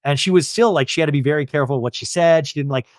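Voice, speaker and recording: A man's voice: a little high, racing, dry recording, studio quality. A young man hosting a podcast, chatting in a gossipy, tired way. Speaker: podcast host. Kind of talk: casual chat.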